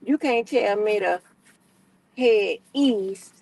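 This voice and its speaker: A middle-aged woman, telling a story as an animated, profane, exasperated rant on her stream. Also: mid-range voice, slow pace, creaky, rough recording.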